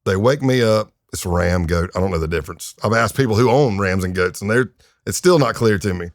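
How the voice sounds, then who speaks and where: Talking a little fast in a fairly low voice, a man in his fifties recounts his years as an undercover agent, now retired, on a podcast. The audio is studio quality without echo, and his relaxed, animated telling is heavy on fillers and imitated voices.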